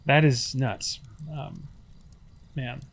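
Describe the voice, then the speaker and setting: A man's voice: mid-range voice, steady tone, very slow. A man hosting a podcast interview, giving brief, sympathetic reactions and questions. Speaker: podcast host.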